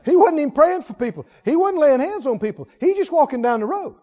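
In a church sanctuary, a preacher with a strikingly high yet mellow voice talks a little fast, his pitch swinging widely. He challenges listeners with rhetorical questions and leans on forceful repetition. The muffled, dull recording carries a long church reverb.

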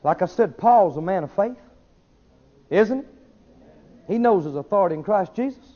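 A man preaching a sermon, swinging between shouted declarations and quiet asides. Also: sits high, animated, normal speed. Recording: dull lo-fi sermon recording.

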